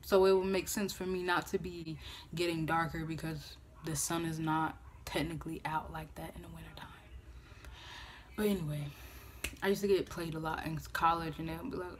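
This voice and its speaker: A woman in her twenties telling a personal story on a phone-camera vlog, casual and animated, swearing freely and acting out what others said. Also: deep voice, moderate pace, a little hiss or hum. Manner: animated, profane, acts out quoted voices. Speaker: vlogger.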